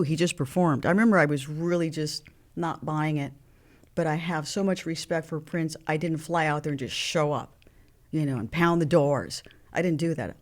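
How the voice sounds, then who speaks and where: Lively older woman telling personal stories. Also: low voice. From Mexican heritage. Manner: animated, acts out phone calls in quoted voices. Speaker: guest. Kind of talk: candid storytelling interview.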